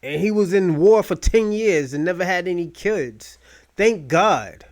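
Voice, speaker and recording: Man, high voice, profane rambling rant, mocking tone, podcast host. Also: animated, measured pace. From United States. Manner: loud, rambling, mocking rants. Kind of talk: profane casual commentary.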